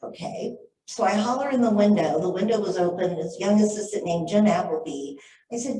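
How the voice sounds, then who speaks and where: A woman's voice: medium pitch, moderate pace, recorded from a distance. Woman telling a story in an echoey room. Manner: lively anecdotal storytelling, acts out quoted voices. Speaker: author and speaker. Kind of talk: storytelling talk to a live audience. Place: library event room. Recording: echoey room, voice picked up from afar.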